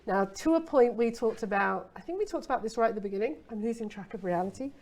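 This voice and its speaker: A woman's voice: a little high, expressive, quick pace, a little mellow. Chatty, playful woman teaching copywriting. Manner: chatty and playful, with rhetorical asides. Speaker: copywriting expert giving a masterclass. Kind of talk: casual spoken masterclass.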